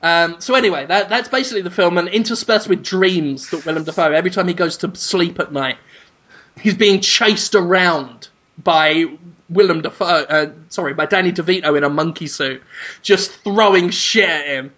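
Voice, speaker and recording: A man hosting a podcast, crude and rambling in deadpan comedic storytelling. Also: high voice, normal speed, dull audio. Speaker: podcast host.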